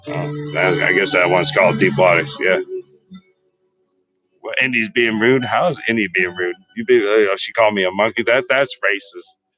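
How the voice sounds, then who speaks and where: A low-voiced man chatting to his livestream and sliding into freestyle raps. He rambles and swears constantly, talking big about his own skills. Faint beats play underneath. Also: normal speed, music in the background, poor audio. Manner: rambling, heavily profane, boastful. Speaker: livestream host and freestyle rapper. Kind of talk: casual livestream chat and freestyle rap. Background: faint hip-hop beats.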